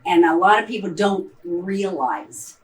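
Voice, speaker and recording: After a stage performance, an Ohio-born actress with a Midwestern accent responds to audience questions in the theater, hesitant and rambling with plenty of ums and restarts. Her voice sits on the low side, with lively intonation and a slightly slow pace, recorded roughly on a distant mic.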